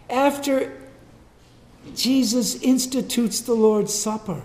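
A man preaches a sermon at a slow, deliberate pace, dropping low and quiet, then rising into loud, emphatic bursts. His voice sits a little high. The room around him is echoey, as in a church hall. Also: animated.

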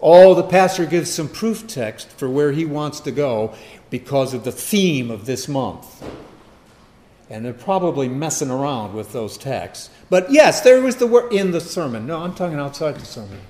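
A man preaching a sermon, firing rhetorical questions and swinging from loud emphasis to quiet asides. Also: fairly high pitch, big pitch swings, moderate pace.

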